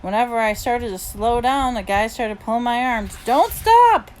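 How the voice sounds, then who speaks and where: A woman's voice: fairly high pitch, fairly even intonation, normal speed, a little hiss or hum, rough recording. A woman reading a novel aloud in the first person, with plain, easygoing storytelling. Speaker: audiobook reader.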